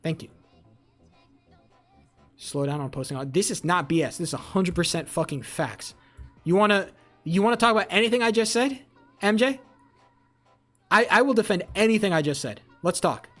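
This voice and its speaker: Streamer going off, swearing a lot, repeats stuff, mid pitch, quiet music behind. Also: lively intonation, moderate pace, long pauses. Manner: heated, profane, repeats phrases for emphasis; talks back to chat messages. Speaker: live streamer. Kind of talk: casual live-stream political rant.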